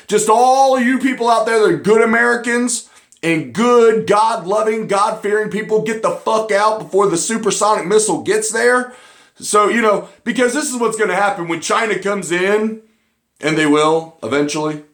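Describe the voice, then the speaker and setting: A man with a notably high voice rants through an online commentary. He is angry and profane, and his talk keeps bursting into shouts. The recording has a roomy echo. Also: moderate pace.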